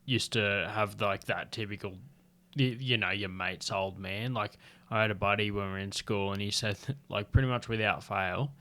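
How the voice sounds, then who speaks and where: A low-pitched Australian man chats casually on a comedy podcast. He drifts from one story to the next, loose and rambling, with swearing throughout. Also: sharp tone. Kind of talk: casual chat.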